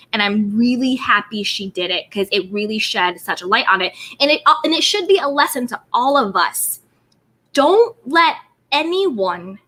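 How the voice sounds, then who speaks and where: A young woman commentates casually on a live stream, reading out viewer comments and reacting with firm, emphatic opinions. Her voice sits high and sounds bright and forward. The delivery stays chatty and personal, as if talking straight to her regulars.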